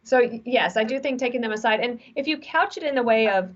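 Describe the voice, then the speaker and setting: A woman in her forties, speaking as an interview guest who gives frank, animated advice through stories. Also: a little high, quick pace. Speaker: guest author. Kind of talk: conversational interview. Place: remote video call. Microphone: video call mic. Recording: dull lo-fi video call audio.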